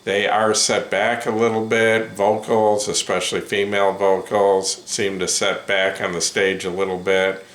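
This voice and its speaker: Deep-voiced man reviewing gear, roomy sound. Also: flat delivery, fairly bright tone. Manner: unhurried, many ums and self-corrections. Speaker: headphone reviewer. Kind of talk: casual first-impressions review. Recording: roomy echo.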